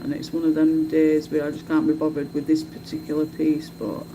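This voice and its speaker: A woman's voice: low-pitched, completely flat delivery, a little fast, background noise. Chatty woman storyteller. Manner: chatty storyteller, laughs often. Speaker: livestream host. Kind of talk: casual livestream chat.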